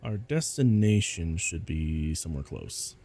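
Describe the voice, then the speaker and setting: A man's voice: deep voice, animated, unhurried, mellow, husky. A man giving casual gameplay commentary as a VTuber, rambling and laughing often at himself.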